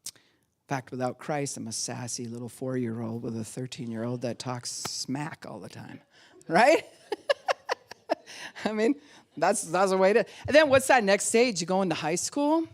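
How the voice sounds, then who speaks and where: A woman pastor preaching a sermon in an animated way, laughing often and acting out the voices she quotes. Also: low voice, unhurried.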